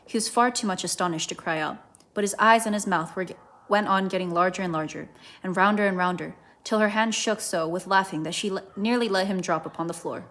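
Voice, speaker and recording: A volunteer reader, a woman with a middle-pitched voice that's neither high nor low, reads a children's classic aloud. Her storytelling is gentle and even, calm in pace though a little fast.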